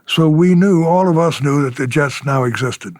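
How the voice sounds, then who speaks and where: A man's voice: on the high side, moderate pace, a little mellow, no room sound. An older man, a retired fighter pilot, telling war stories in an oral history interview, chuckling and acting out the exchanges he quotes.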